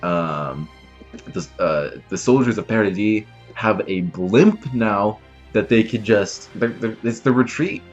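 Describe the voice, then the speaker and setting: A man's voice: on the low side, takes it slowly, dull audio, soft background music. A man hosting a reaction channel, recapping an episode in a casual, rambling way with lots of fillers. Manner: animated, rambling retelling with many fillers.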